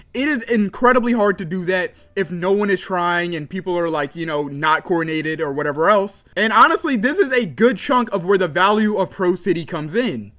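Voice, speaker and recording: Young male creator, high-pitched, casual gaming commentary video essay with plenty of filler words. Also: fairly bright tone. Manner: casual, with frequent fillers like "like" and "kinda".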